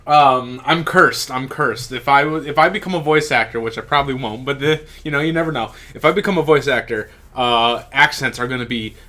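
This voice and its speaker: A man's voice: medium pitch, brisk, few pauses. A young man co-hosting a podcast in casual, jokey banter. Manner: jokey, loud, laughing, tries silly accents. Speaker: podcast co-host.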